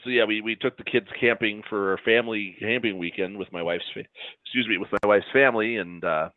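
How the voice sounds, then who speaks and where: A man from central Wisconsin co-hosts a podcast, chatting casually and cracking dry, wry jokes. His lowish voice is brisk with fairly even intonation, and the recording is dry and tinny like a phone, with no room sound.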